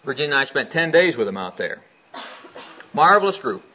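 Lively preacher guy telling a story and reading verses, bright voice, dull old tape sound. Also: mid-range voice, brisk, slight background noise. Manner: animated storytelling with scripture reading. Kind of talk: sermon. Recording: dull lo-fi recording.

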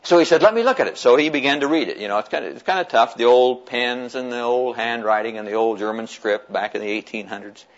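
Older man telling an animated story, lo-fi. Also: mid-range voice, fast, hardly any pauses. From United States. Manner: animated, chuckling storyteller who acts out quoted voices. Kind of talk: personal storytelling to an audience.

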